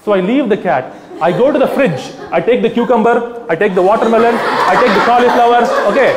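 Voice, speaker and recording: A man giving a live talk to an audience, animated and mocking, acting out little scenes. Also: very high voice, a little fast, a crowd in the background. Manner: animated, mocking, acts out scenes with quoted voices. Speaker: vegan activist speaking to an audience. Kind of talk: live public talk to a crowd. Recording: echoey hall, faint room ambience.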